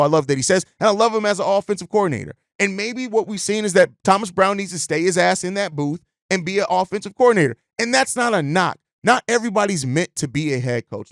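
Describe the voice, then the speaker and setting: A man's voice: high voice, no echo, clean studio sound. A man hosting a sports talk podcast, speaking with emphatic, repetitive phrasing about his team. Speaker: podcast host.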